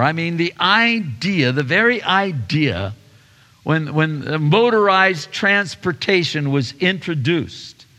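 A male pastor delivers a sermon with animated energy, often restarting phrases. His voice is high and bright. Long reverb from a large church hall trails behind. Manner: animated, repeats words and restarts.

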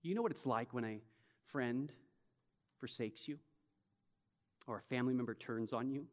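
A man preaching a sermon as pastor, emphatic, swinging from soft reflection to loud, urgent bursts and acting out imagined speakers. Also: medium pitch, moderate pace. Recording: long hall reverb.

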